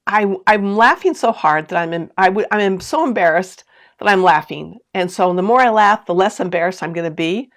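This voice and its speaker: Hosting her sewing channel's live stream from home, this woman has a mid-range voice, lively intonation, and a moderate pace. She reads out viewer comments, chats, and laughs frequently as a story unfolds. Her talk is aimed squarely at the audience, peppered with questions and side remarks.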